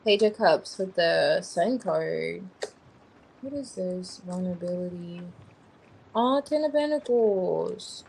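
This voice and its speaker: Lady doing a tarot reading live, thinking out loud over the cards, faint hum in the background. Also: fairly low pitch, expressive, takes it slowly, gravelly, poor audio. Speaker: tarot reader.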